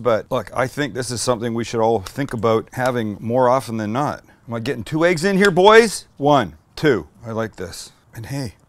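A man hosting a cooking show, chatting casually and enthusiastically as he cooks, swearing now and then and joking with his crew. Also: mid-range voice. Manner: talks to the camera crew by name.

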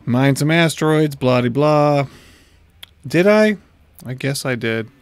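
A man's voice: mid-range voice, fairly even intonation, moderate pace, smooth, dry recording. A man in his thirties livestreaming a space game from home, chatting casually with his viewers as he plays into a desk mic. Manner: chatty, talks to chat while playing. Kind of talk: casual gameplay livestream chat.

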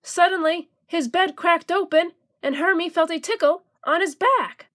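A woman reading a children's storybook aloud in a slow, gentle, expressive way. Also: very high voice.

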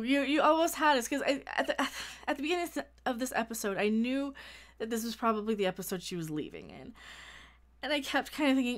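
A woman with a fairly high voice talks through a TV episode review. She gushes and gets excited, stumbling over restarts as she rushes to share what she loved. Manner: gushing, animated, many restarts and "oh my God".

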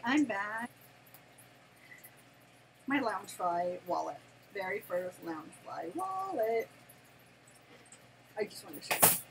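An older woman and grandmother chatting casually through an unboxing, gushing and excitable, laughing often and squealing with delight at home. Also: medium pitch, a little hiss or hum, poor audio. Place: home, near her desk.

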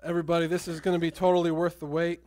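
A man's voice: on the high side, little pitch movement, racing, background noise. A man, a pastor, making casual, teasing remarks in church and laughing easily. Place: church sanctuary.

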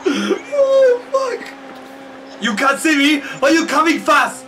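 A young Australian man streams a racing game and chats with his mates, loud, laughing and swearing. His voice sits very high with a lively swing and a slow pace. He is heard from away from the mic over clear game music. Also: far from the mic, rough recording. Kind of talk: party chat while gaming.

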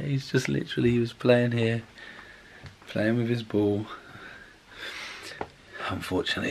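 A man's voice: fairly low pitch, unhurried, a little hiss or hum. A man in his thirties hosting a casual family vlog, playful and joking. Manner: playful, jokey, baby-talk to his son. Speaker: vlog host, father.

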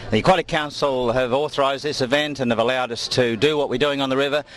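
A man's voice: medium pitch, fairly even intonation, fast, slight background noise. A man organising an outdoor event, rambling on with thanks and filler words.

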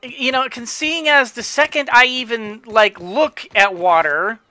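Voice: medium pitch, unhurried, pushed and bright. A gamer giving casual gameplay commentary, rambling with frequent restarts and chuckling to themself. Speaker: let's play gamer.

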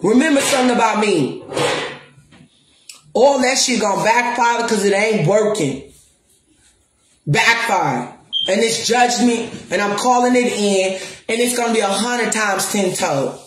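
At a slightly slow pace and medium pitch, a woman rants defiantly to the camera, profane and insistent, repeating and stressing her points; she's a spiritual counselor and music promoter. The echoey recording carries a faint hiss or hum.

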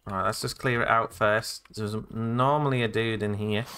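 A man's voice: medium pitch, moderate pace, bright, forceful tone, slight background noise. A man doing jokey, rambling let's-play commentary with sudden exclamations as he plays. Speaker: gaming let's-play host. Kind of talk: casual gameplay commentary.

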